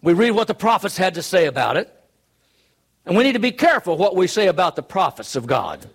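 A man's voice: sits high, big pitch swings, brisk, fairly bright tone, breathy edge. A man preaching a sermon, earnest and emphatic, driving his points home with rhetorical questions.

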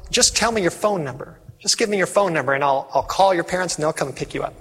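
A man's voice: fairly high pitch, expressive, quick pace, a bit bright, husky, long reverb tail. A male preacher voicing a policeman who questions a lost child in a kindly, patient way.

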